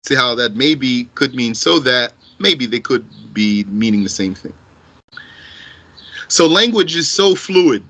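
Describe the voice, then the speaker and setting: Guy teaching arabic grammar online, bright clear voice, laid back, thinks out loud. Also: mid-range voice, a little slow, rough recording. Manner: relaxed, thinks aloud, mixes in Arabic phrases. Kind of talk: live online class answering student questions.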